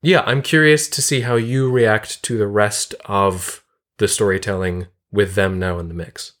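A woman's voice: extremely low pitch, fairly even intonation, measured pace. A woman co-hosting a casual chat about a film, explaining at length with enthusiasm. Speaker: podcast co-host. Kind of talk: casual movie discussion.

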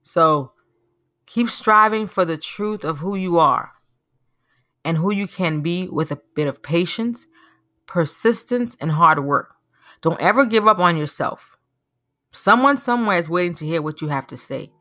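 A woman's voice: lowish voice, lively intonation, a little slow, pushed and bright, no echo, clean studio sound. A woman hosting a podcast, giving an earnest, preachy motivational talk and telling stories with animation. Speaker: podcast host. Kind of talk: motivational monologue.

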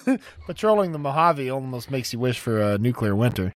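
A man's voice: medium pitch, big pitch swings, a little fast, no echo, clean studio sound. A man co-hosting a podcast in casual chat, joking and laughing along with his co-host.

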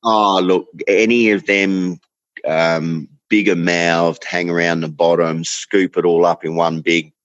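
Aussie guy yarning about fishing, lowish voice, kinda dull lo-fi sound, dry. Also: flat delivery, a bit bright, no echo. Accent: Australian. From Australia. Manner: rambling storyteller, drawn-out emphasis. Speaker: fishing guest. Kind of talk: casual chat.

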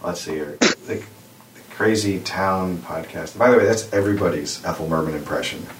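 Deep-voiced man, echoey room, off-mic. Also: normal speed. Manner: rambling, playful, tries silly voices and accents. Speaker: podcast co-host. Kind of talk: casual chat. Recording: echoey room, distant from mic, faint hiss.

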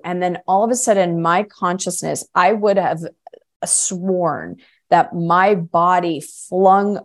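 Middle-aged woman, low-ish voice, guest storyteller, animated when she quotes people. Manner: acts out quoted voices with big pitch jumps. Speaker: guest, coach and energy healer.

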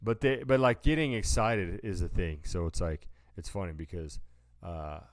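Deep-voiced man telling a rambling story. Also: moderate pace, no room sound. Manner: rambling storyteller, acts out quotes, says "dude". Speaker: podcast co-host. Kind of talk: casual chat.

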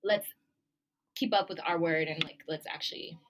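A woman's voice: sits low, normal speed, slight background noise. A woman co-hosting a podcast in casual chat, joking and laughing often. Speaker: podcast co-host.

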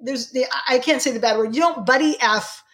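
A middle-aged woman answering interview questions with fervent indignation, her pitch jumping sharply when she presses a point. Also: a little fast, a bit bright. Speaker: guest.

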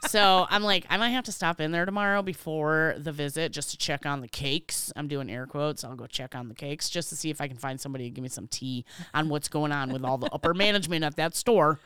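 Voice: mid-range voice, fairly quick, hardly any pauses, clear, resonant tone, no room sound. A podcast co-host telling a work story in casual chat, acting out each exchange and venting with casual swearing. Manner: animated storyteller, acts out dialogue.

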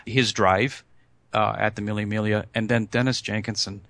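A man answering interview questions as a podcast guest, pausing often with ums and restarts. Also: fairly low pitch, flat delivery, a bit bright, dry recording. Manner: hesitant, many ums and restarts. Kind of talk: casual interview.

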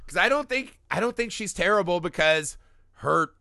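Over audible crowd noise, a male podcast co-host rants animatedly about films in a casual, profane chat, swearing often and laughing as he goes. His voice sits high with some vocal fry, and he talks at a normal speed.

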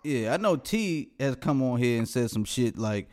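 A man's voice: medium pitch, animated, normal speed, darkish tone. A man hosting a podcast, casual banter in loose slang, laughing often. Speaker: podcast host.

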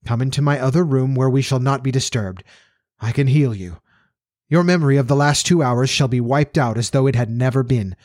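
A man voicing a calm, reassuring doctor with a measured, casual manner. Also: medium pitch, no echo, clean studio sound, natural voice.

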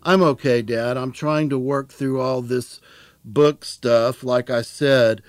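A man's voice: mid-range voice, steady tone, slow, dry recording, close to an everyday voice. A man voicing a troubled adult son who speaks hesitantly, searching for his words.

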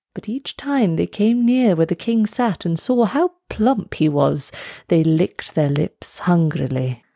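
A woman reading a children's storybook aloud in a measured, expressive way. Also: fairly low pitch, no room sound, studio quality.

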